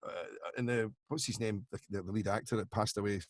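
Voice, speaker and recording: A man telling animated show-business anecdotes as a guest on a video call, laughing often and slipping into impressions. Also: fairly low pitch, fast, no echo, studio quality. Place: home over video call.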